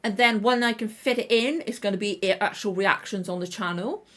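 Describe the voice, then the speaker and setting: A woman's voice: medium pitch, brisk, a bit bright. A tired woman with a slightly tender throat, hosting a casual livestream chat and rambling with frequent self-corrections. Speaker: reaction channel host.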